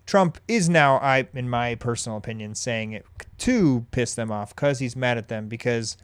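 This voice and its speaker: A man hosting a podcast who tells a story in a rambling casual way, with many pauses and restarts. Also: medium pitch, clear, resonant tone, dry recording. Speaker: podcast host.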